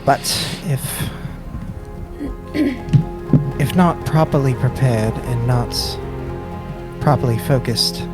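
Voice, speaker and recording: A man's voice: mid-range voice, very animated, loud music behind the voice. A man voicing a formal, courteous elf. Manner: formal, measured speech.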